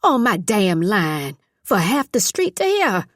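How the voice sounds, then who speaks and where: A woman voicing a fussy, bossy old woman past eighty in an audiobook, scolding loudly. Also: medium pitch, big pitch swings, takes it slowly, no echo, clean studio sound. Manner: loud, scolding, folksy Southern talk. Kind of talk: audiobook character voice.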